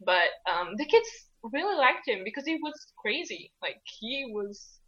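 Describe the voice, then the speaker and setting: A woman's voice: high voice, sing-song, measured pace, a bit bright. Young woman from italy chatting loosely, lots of um and like, kinda dull lo-fi sound. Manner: rambling, many fillers and restarts, laughs often. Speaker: guest co-host. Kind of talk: casual conversation. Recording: lo-fi dull audio.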